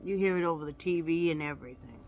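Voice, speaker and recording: A woman's voice: quick pace, darkish tone. A woman hosting a casual home vlog, chatting to viewers and laughing often. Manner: coos in a high baby-talk voice to her pet. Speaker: vlog host. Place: home, living room.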